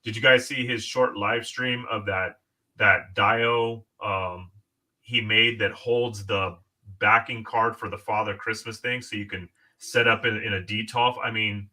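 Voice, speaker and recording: Bright-voiced excitable man. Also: on the low side, measured pace. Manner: excitable, swears freely, repeats "dude". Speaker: co-host. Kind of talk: casual chat.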